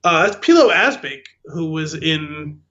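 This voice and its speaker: A man's voice: on the high side, expressive, slow, a bit bright, dull audio. A man co-hosting a podcast in casual movie chat, acting out his own reactions. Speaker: podcast co-host.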